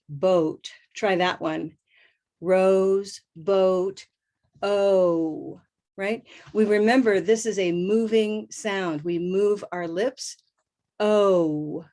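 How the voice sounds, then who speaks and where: A woman with a mid-range, darkish voice teaches English pronunciation in a live online lesson. She models vowel sounds slowly and deliberately, offering upbeat praise.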